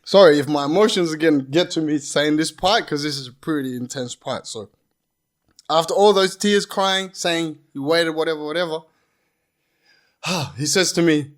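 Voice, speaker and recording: A young man, telling his story as a podcast guest in an animated, swearing way. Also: fairly high pitch, moderate pace. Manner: animated, swearing, repeats phrases. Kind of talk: casual storytelling.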